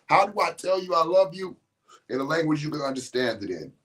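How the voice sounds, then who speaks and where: A man with a high-leaning, sing-song voice and a fairly bright tone talks fairly quickly while hosting a podcast. He tells stories to listeners bluntly and emphatically, swearing freely and restarting sentences, over poor-quality audio.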